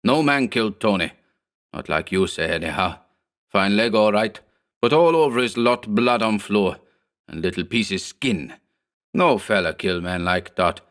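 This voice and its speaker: A man's voice: on the low side, measured pace, fairly bright tone. A man voicing a big, superstitious gangland thug who talks in broken English and pleads with his boss. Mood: pleading. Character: hulking hog-necked male thug, fearful.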